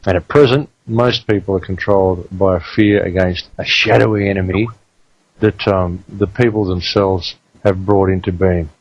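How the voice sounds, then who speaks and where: A man's voice: low-pitched, steady tone, moderate pace, dull audio. A man with an Australian accent hosting a talk radio show, speaking emphatically to his listeners. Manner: emphatic, addresses listeners as folks.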